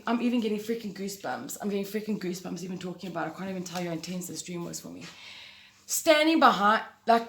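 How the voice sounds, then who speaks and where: Female vlogger, casual emphatic storyteller, mid-pitch, roomy sound. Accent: South African. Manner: animated, emphatic, swears mildly.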